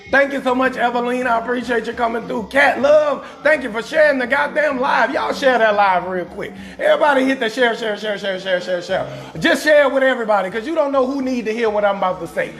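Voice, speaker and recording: A man with a Southern American accent, hosting a live-stream comedy show in a loud, profane, animated rant and calling out viewers from the chat. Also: very high voice, fairly quick, faint music behind.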